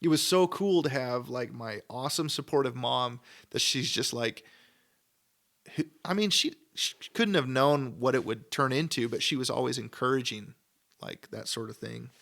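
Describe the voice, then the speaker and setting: This guest on a podcast is a sculptor from Idaho, USA, speaking in a gravelly, fairly bright mid-range voice at a moderate pace. In the studio he rambles happily through his stories, heavy on "like" and recreated conversations.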